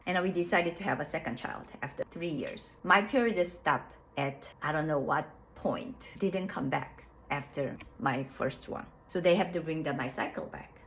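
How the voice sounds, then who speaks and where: A woman casually telling her own birth story, candid and plainspoken, with loose, halting phrasing and laughs at herself. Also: deep voice, slight background noise, poor audio.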